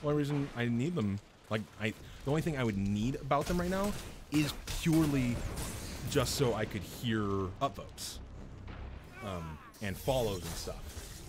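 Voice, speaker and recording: Rambling young man streaming a game. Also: moderate pace. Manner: rambling, chatty, many fillers and restarts; jumps to excited high yelps at game events. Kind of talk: live gameplay commentary. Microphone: headset-style desk mic, headphones off. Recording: noisy game stream audio.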